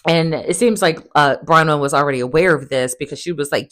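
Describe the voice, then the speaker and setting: She is a woman hosting a casual recap in a fairly low voice. She is chatty and sarcastic, and she acts out other people's quotes in much higher voices. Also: animated, moderate pace, fairly bright tone. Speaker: recap host.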